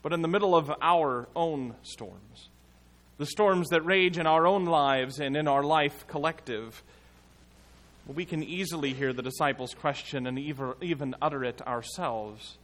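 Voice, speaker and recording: A man delivers a sermon in an emphatic, measured way. His voice sits a little high, and he takes his time, letting pauses land between phrases. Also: fairly bright tone. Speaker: pastor.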